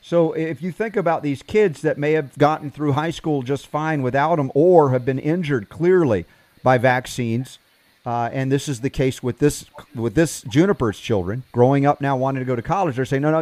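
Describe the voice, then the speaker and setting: Man, show host, casual, hesitant, uh-filled, slightly high, dry sound. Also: normal speed, darkish tone, dry recording. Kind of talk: casual chat.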